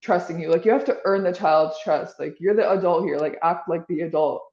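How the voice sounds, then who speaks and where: A woman's voice: lowish voice, a little fast, darkish tone, echoey room, highs cut off. A woman being interviewed, talking in a casual, rambling way with lots of "like" and restarts. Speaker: podcast guest.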